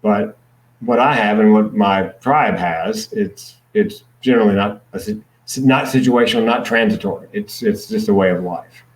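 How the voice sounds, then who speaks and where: A man's voice: fairly low pitch, normal speed, echoey room, poor audio. A man speaking as a podcast guest, explaining things earnestly with dry jokes. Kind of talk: podcast conversation.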